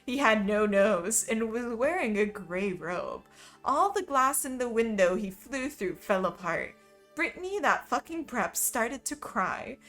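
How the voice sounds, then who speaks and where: Woman streamer doing a comedic read-aloud, amused, animated pitch, unhurried. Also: soft background music. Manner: amused, often breaks into laughter. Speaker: streamer reading a fanfiction aloud. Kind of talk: comedic dramatic reading.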